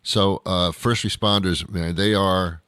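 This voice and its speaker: A man's voice: deep voice, steady tone, measured pace, fairly bright tone, clean tone, no room sound, studio quality. A man hosting his talk show in a casual rambling monologue, sardonic and grumbling, with many fillers and restarts.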